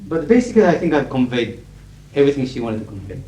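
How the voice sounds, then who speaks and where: A man's voice: mid-range voice, sing-song, fast talker, warm tone. A middle-aged Japanese man speaking English with a Japanese accent, giving a humorous, anecdotal lecture as a conference interpreter, with frequent uh fillers. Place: lecture hall with audience. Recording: echoey hall, faint hiss, 1980s tape.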